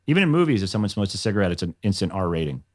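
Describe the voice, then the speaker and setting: A man's voice: low-pitched, very animated, very fast, darkish tone. A man, guest on a podcast, telling behind-the-scenes stories in a rambling, self-deprecating way with lots of fillers. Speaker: podcast guest, show creator. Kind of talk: casual podcast conversation.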